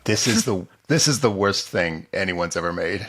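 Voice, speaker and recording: A man co-hosting a comedy podcast, mocking a TV show in a sardonic, mock-solemn deadpan. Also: sits low, moderate pace, noisy background. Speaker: podcast co-host. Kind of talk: comedic episode recap.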